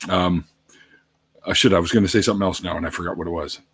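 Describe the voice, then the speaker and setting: A man hosting a casual chat show, talking in a jokey, animated way and swearing freely. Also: deep voice, fast, slightly rough. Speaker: podcast host.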